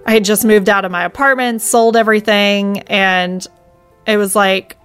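A woman's voice: mid-range voice, steady tone, brisk, a bit bright, faint music behind. Heartfelt woman telling her story. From United States. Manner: emotional, reflective, heartfelt. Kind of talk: personal storytelling.

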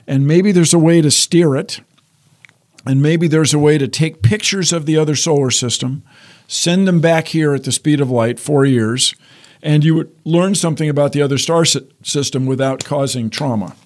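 An older man talks through science in a loose, chatty way, with a wry edge and frequent restarts mid-sentence. His voice sits fairly high for a man. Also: moderate pace, darkish tone. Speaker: science guest. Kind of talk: casual chat.

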